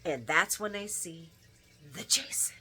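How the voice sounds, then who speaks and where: A woman hosting a casual daily soap opera recap, telling the story in an animated way and acting out characters' lines. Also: lowish voice, a little slow, slight background noise.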